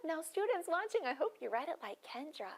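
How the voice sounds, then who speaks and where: A woman teaching a first grade class, speaking clearly and encouragingly to students watching on video. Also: high-pitched, sing-song. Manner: clear, encouraging, deliberately paced teacher talk.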